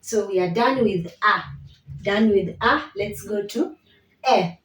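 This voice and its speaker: A woman's voice: mid-range voice, slow pace, a bit bright. A woman teaching a beginner language lesson, patient and encouraging, leading repeat-after-me drills and often checking in with "okay?". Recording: roomy, distant mic.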